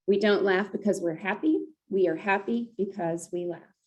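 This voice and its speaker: A woman's voice: medium pitch, normal speed, lo-fi sound. A woman leading a group laughter yoga session, chatty and upbeat, often breaking into laughter. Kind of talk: guided group exercise session.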